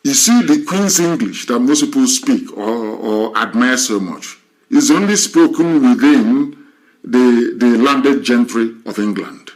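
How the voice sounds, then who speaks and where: A man's voice: mid-range voice, expressive, unhurried. A man hosting a live stream, lecturing his guest and asking rhetorical questions. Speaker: host.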